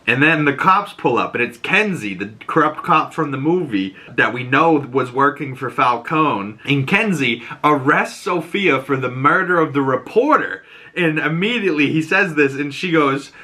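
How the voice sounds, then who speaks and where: A young man with a Boston accent, a podcast host breaking down a TV episode in casual chat, acting out quoted lines in a higher voice. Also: animated, normal speed, pushed and bright.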